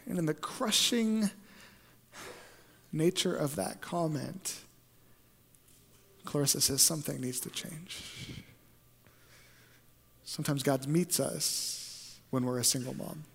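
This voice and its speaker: A man preaching with a high-pitched voice, his words trailing into a long hall reverb. He drops to a near-hush, then builds to fervent, loud peaks. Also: slow, creaky, pauses often, breathy edge. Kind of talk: sermon.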